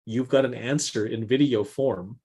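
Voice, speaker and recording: A man co-hosting a casual business chat, telling stories with animated swings in pitch and often repeating words as he thinks. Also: normal speed, husky. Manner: animated storyteller, jumps in pitch for quoted voices. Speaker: podcast co-host.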